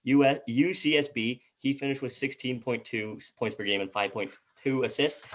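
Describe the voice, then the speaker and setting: A man's voice: medium pitch, steady tone, normal speed. A man co-hosting a casual sports chat, reading out team records and stumbling over player names. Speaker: co-host.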